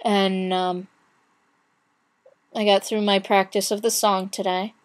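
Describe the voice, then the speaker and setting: A woman's voice: mid-range voice, level tone, takes it slowly. A young woman chatting casually in a video blog, retelling her day with many restarts and acted-out quotes. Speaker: vlogger. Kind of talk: casual chat.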